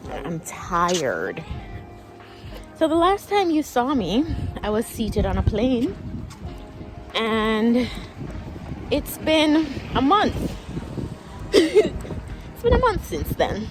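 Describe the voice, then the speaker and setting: A Jamaican woman vlogs while walking along a street, out of breath, with a bright, higher voice that swoops all over. She talks chattily, drops into patois and laughs a lot, and music plays clearly under her voice. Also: huge pitch swings, extremely slow, long pauses. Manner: chatty, laughs often, uses patois phrases. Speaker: vlogger. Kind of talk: casual walking vlog. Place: outdoors on a street.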